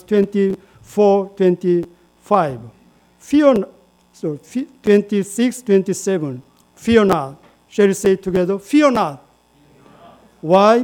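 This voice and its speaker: A man's voice: sits high, darkish tone. A man preaching a sermon in English, repeating phrases and inviting the congregation to say lines with him. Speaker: pastor.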